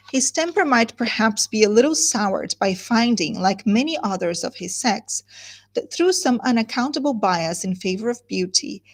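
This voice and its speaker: Reading aloud from a novel, a literature teacher breaks off now and then to offer comments. Her voice is medium-pitched, and she draws out words she means to stress.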